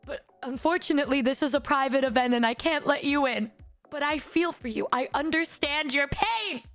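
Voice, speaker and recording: A woman voicing a calm, polite man who earnestly repeats his sympathy while refusing to help. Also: high-pitched, moderate pace, soft background music. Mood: sympathetic. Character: politely sympathetic man turning someone away.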